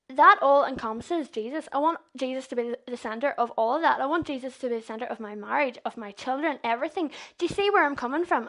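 High-voiced young Northern Irish woman preaching. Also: vocal fry, a bit bright. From Northern Ireland. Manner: chatty, earnest, asks the listeners questions. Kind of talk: informal sermon.

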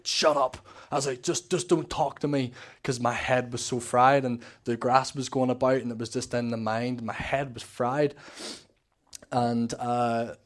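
A young man with a Northern Irish accent giving a candid personal testimony in church, acting out the dialogue as he tells his story. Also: mid-range voice.

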